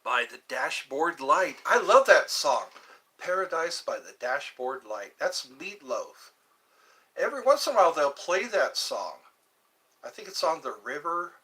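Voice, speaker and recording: A man's voice: fairly high pitch, very animated, measured pace, sharp tone. A man hosting a livestream, chatting casually and jokingly in a rambling way. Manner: jokey, laughs often, breaks into song snippets. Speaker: livestream host.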